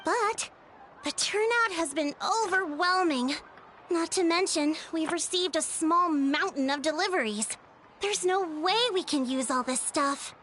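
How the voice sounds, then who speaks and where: An actress playing a flustered young woman organizing a village feast in a video game, talking in a chatty, animated way. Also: very high-pitched, a little slow, slight background noise.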